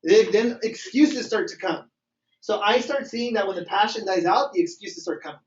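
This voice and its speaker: A man leads a motivational sales training, lively and acting out little phone dialogues. His voice sits high, and it comes from across a reverberant meeting room on a dull, muffled recording. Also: normal speed. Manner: energetic, acts out phone calls and dialogues. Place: meeting room with a live group. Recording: echoey room, far from mic, dull sound.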